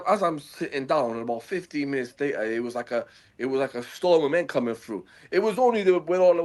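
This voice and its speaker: A man telling a story in slangy street talk, repeating words as he goes. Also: a little high. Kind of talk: casual storytelling.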